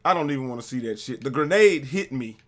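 A young man giving casual gameplay commentary with friends, joking, swearing a lot and breaking into loud yells when the action picks up. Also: medium pitch, animated, quick pace. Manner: swears a lot and breaks into yelling mid-game; jokey, trash-talking banter. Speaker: gaming commentator.

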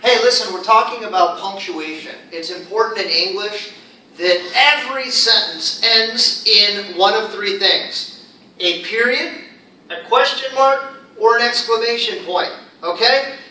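High, bright-voiced man teaching in an echoey room. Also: unhurried, far from the mic, slight background noise. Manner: animated, checks in with "okay?" often. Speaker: English teacher. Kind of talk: casual classroom explanation.

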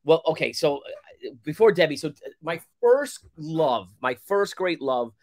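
Lively high-voiced man telling stories. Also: measured pace. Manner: animated storyteller, laughs easily. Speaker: guest comic creator. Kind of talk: casual chat on a live show.

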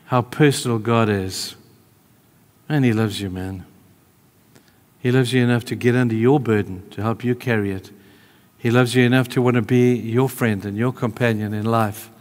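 A man preaching a sermon in a church hall, conversational, moving between emphatic calls and hushed, tender asides. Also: mid-range voice, moderate pace, long pauses.

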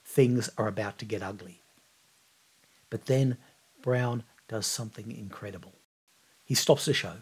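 A man hosting a podcast, narrating a scripted history story in a vivid, measured storytelling manner. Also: fairly low pitch, slightly rough. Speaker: podcast host.

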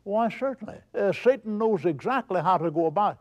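A man's voice: high voice, expressive, a little fast, a little mellow. A man preaching a broadcast sermon, asking rhetorical questions and answering them himself with emphasis.

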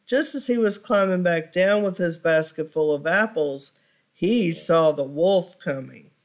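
A woman reads a children's picture book aloud for storytime. Her pace is slow and deliberate, and she stops now and then to ask her young listeners questions. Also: lowish voice.

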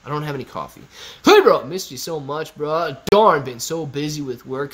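A young man hosting a casual stock-trading livestream, reading viewer comments in a goofy, animated way that swings between shouting and mumbling. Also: fairly high pitch, normal speed.

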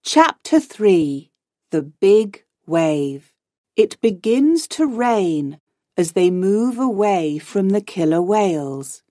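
Woman narrator for learners, clear and unhurried, dry close sound. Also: medium pitch, big pitch swings, mellow, no room sound. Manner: slow, clear, simple reading. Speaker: audiobook narrator. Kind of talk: graded reader narration for learners.

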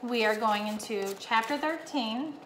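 A woman's voice: fairly high pitch, unhurried. A woman teacher reading a chapter book aloud to her fourth-grade class. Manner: warm-up questions to the class, lively reading. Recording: echoey room, faint hum.

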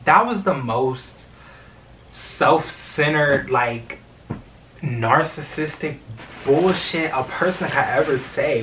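A man's voice: fairly high pitch, slow, far from the mic, slight background noise. A young man, talking casually in a vlog with lots of fillers and swearing. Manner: expressive, swears freely, many fillers. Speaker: vlogger. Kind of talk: casual storytime chat.

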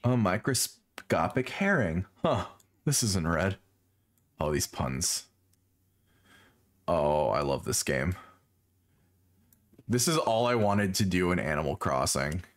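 Man, very low voice, lively swoops in pitch, tired, casual game stream chatter. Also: slow, pauses often. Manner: sleepy, yawning, punning to himself. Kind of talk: casual gameplay commentary.

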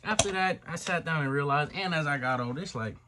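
Pushed and bright, his fairly high voice moves at a quick pace over slight background noise. The young storytime vlogger rattles off a casual, slangy, profane tale on his channel, voicing the people in it himself.

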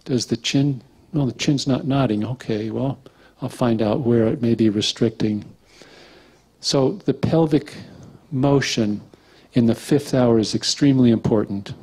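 A man lectures on structural integration in a relaxed, rambling way, at an ordinary middle pitch. He drifts into stories and acts out what his clients say. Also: a little slow, slightly rough. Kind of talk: casual lecture with anecdotes.

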